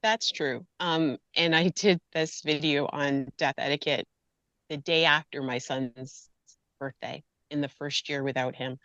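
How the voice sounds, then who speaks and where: A woman's voice: low voice, fairly even intonation, measured pace, a bit bright, no echo, dull audio. A woman grief coach in an interview, speaking earnestly and passionately, close to tears. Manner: earnest, impassioned, pleading. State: near tears. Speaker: grief and loss coach, guest. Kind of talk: emotional personal interview talk.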